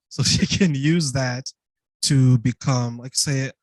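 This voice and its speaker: A man's voice: mid-range voice, takes it slowly, dry recording, rough recording. Man hosting, dry close sound. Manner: thoughtful, sums up and checks understanding. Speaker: host. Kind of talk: conversational interview.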